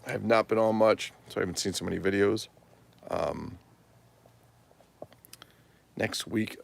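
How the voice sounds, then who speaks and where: A man's voice: lowish voice, measured pace, creaky, long pauses. A tired man chatting casually and rambling on a livestream, swearing freely. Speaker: toy collector livestream host.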